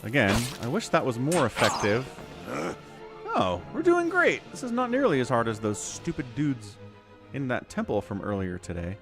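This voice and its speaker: Casual male streamer, animated delivery, reads game text aloud over quiet music. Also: medium pitch, fairly quick. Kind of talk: casual gameplay commentary.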